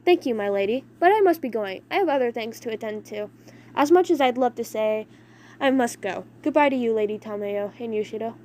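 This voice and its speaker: A woman's voice: a little high, brisk, slight background noise, close to an everyday voice. Woman voicing a flustered, pouty young man. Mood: weary. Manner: excitable, whiny, pouty. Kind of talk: fan audio drama reading.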